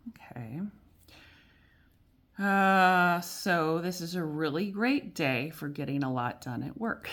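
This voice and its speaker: A woman acting as a tarot reader gives a casual weekly reading in a low, slow voice. She rambles and corrects herself along the way, staying gentle and encouraging and letting out frequent small laughs.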